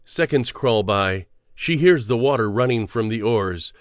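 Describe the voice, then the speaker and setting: Male audiobook narrator, measured and steady, mid pitch, dry studio sound. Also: no echo. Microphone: close studio mic.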